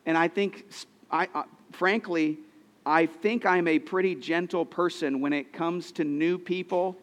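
A man's voice: on the high side, steady tone, measured pace, big-room sound. A man in his thirties preaching a sermon, telling personal stories in an earnest way, often restarting his sentences. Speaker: pastor.

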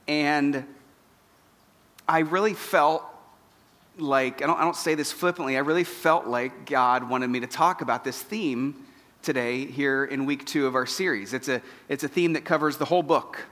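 A man's voice: on the high side, pushed and bright. A man speaking as a pastor, delivering a candid, self-deprecating, emotional sermon to his congregation. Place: church auditorium. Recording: long church hall reverb.

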